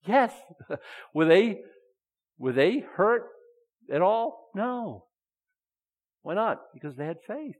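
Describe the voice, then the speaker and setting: A man preaching a sermon as pastor, animated, asking his listeners rhetorical questions and adding chuckling asides. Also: sits high, slow pace, long pauses. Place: church sanctuary. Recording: long hall reverb.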